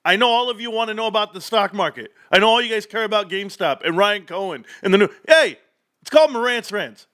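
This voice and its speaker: A man in his thirties hosting a casual livestream, rambling and animated, laughing often as he talks. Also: high voice, quick pace. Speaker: host.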